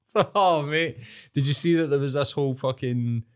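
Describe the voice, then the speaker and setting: A man in his thirties with a Glasgow accent, co-hosting a podcast in casual chat, animated and swearing constantly. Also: fairly high pitch, unhurried, clean tone. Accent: Scottish, Glasgow. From Scotland. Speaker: podcast co-host.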